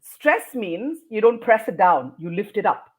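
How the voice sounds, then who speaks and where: A woman's voice: mid-range voice, very animated, a little slow. A woman with an Indian English accent, a guest educator explaining pronunciation in an interview, emphatic and teacherly.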